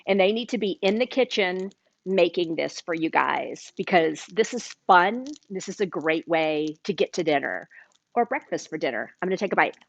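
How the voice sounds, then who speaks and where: A woman's voice: on the low side, animated, normal speed, gravelly, no room sound, muffled recording. A woman hosting a live cooking demonstration in a kitchen, chatting enthusiastically with her viewers. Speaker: cooking show host. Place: home-style kitchen. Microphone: livestream camera mic.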